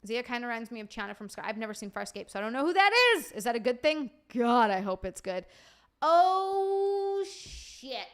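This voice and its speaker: A woman's voice: on the high side, big pitch swings, normal speed. A young woman streamer chatting casually, swearing freely and answering her live chat.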